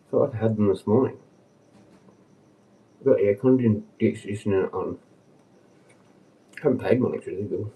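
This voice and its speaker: A man rambling on a casual livestream, agitated and swearing, dropping to mutters and then jumping up in pitch. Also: warm tone, slight background noise. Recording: distant from the mic.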